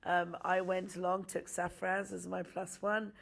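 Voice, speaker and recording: A woman's voice: lowish voice, level tone, measured pace, vocal fry. A woman film director in a casual interview, teasing and laughing, then telling a story at length.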